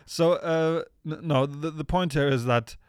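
A man's voice: a little high, a little slow, smooth, dry recording, clean studio sound. A man co-hosting a casual podcast, joking around and reading out listener comments in a loose, digressive way. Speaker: podcast co-host.

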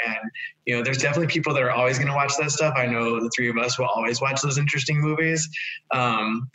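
Bright-voiced man on a film panel. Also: mid-range voice, poor audio. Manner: earnest, frequent "um" fillers. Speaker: film organization member. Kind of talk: panel discussion.

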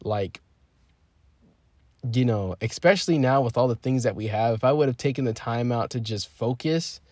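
A man's voice: mid-range voice, normal speed, no room sound. Young male podcaster, candid rambling storyteller, mid-range voice, dry room. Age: 20s. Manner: rambling and candid, swears freely, swings from quiet to emphatic. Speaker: podcast host. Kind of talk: casual personal storytelling.

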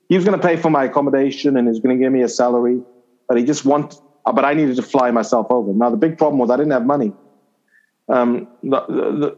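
A man's voice: mid-range voice, darkish tone. A middle-aged man from Zimbabwe, a former cricketer being interviewed, telling a long anecdote in a loose conversational way with fillers and restarts. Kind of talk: conversational storytelling. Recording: slightly dull lo-fi audio.

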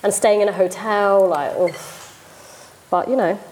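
A woman's voice: mid-range voice, steady tone, slow pace, background noise. A woman, chatting casually as a guest while she cooks in her home kitchen, often saying "like" and "you know". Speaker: chef and podcast guest. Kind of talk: casual chat while cooking.

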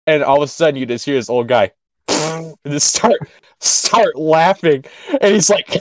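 A man's voice: on the high side, normal speed, dry recording. A young man co-hosting a podcast, telling a story in casual chat and acting out the people in it. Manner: animated storyteller, acts out voices. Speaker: podcast co-host.

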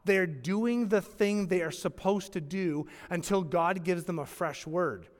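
A man preaching a sermon as pastor, with emphatic pauses and acted-out quotes. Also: sits high. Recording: long hall reverb.

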